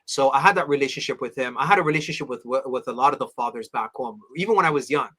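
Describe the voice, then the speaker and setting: A middle-aged Orthodox priest tells a personal story in an interview, animatedly acting out the voices of the people he quotes. He speaks very fast at a medium pitch, with a slightly rough edge.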